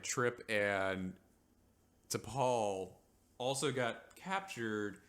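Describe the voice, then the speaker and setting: A man's voice: mid-range voice, a bit bright. A man giving a casual, rambling rant recapping a TV episode, full of filler words and mocking quoted asides. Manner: mocks characters in quick quoted asides. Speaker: vlogger reviewing a TV episode.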